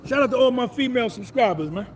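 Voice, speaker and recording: High-voiced man chatting on a live stream. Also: animated, fast, a little hiss or hum. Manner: loose, boastful, repeats himself, shouts out viewers. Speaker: vlogger doing a live stream. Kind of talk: casual live-stream chat.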